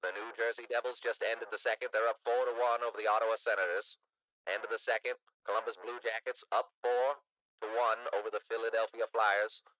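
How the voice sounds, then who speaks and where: A man voicing an old-timey male radio sports announcer through a megaphone filter, reading scores briskly. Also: lowish voice, little pitch movement, dry recording. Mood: announcing. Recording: muffled filtered lo-fi voice.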